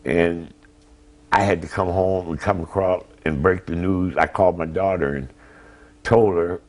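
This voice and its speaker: Older man with a very deep voice. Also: steady tone, a little mellow. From Ohio. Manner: plain, halting, retells phone calls. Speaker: interview guest, grandfather. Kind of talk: emotional interview answers.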